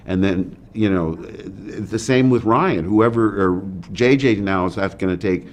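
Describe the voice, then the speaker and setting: A man's voice: low voice, slow pace. A man in a played interview clip, explaining in a loose, conversational way with restarts. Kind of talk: casual explaining.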